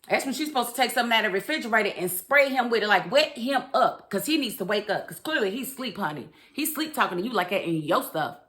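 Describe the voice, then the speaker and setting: A woman's voice: medium pitch, animated, fast, a bit bright. A woman giving a sassy, chatty review of a TV episode, often laughing and speaking directly to her viewers. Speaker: TV show reviewer. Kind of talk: casual review commentary.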